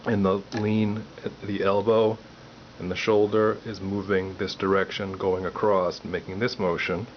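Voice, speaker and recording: A man giving a piano lesson, calmly explaining step by step and counting aloud. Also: deep voice, unhurried, slight background noise. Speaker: piano teacher. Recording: dull lo-fi audio with loud piano.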